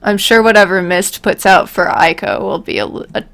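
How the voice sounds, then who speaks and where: A woman's voice: medium pitch, fairly even intonation, moderate pace, vocal fry, fairly bright tone. A woman on a casual live stream who mutters to herself while she works and answers chat questions. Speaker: voicebank creator streaming.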